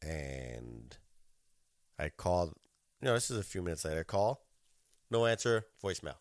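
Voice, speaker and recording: Profane, animated man ranting on a podcast. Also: sits low, normal speed, no echo, clean studio sound. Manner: profane, animated and exasperated, acts out both sides of phone calls. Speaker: podcast host. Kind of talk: casual storytelling rant.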